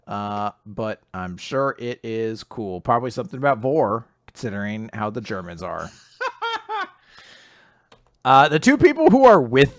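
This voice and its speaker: A man's voice: lowish voice, big pitch swings, a little slow, no echo. A man casually recapping comics, swearing freely and acting out quotes in goofy voices. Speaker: podcast co-host recapping manga.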